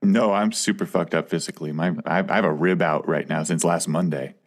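A man co-hosting a comedy podcast, telling casual, rambling stories with animated retelling and plenty of swearing. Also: low voice, a little fast. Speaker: podcast co-host.

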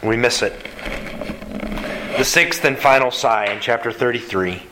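A man preaching from the pulpit with a bright, forceful voice. He talks earnestly and with animation, breaking from scripture into quick plain-spoken asides. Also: mid-range voice, rough recording. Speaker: pastor. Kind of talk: sermon.

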